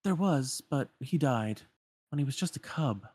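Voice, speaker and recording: A man's voice: medium pitch, lively intonation, measured pace, darkish tone, husky, voice pushed up. A man voicing a worried young lioness from a video game, in a slightly raised voice. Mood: earnest.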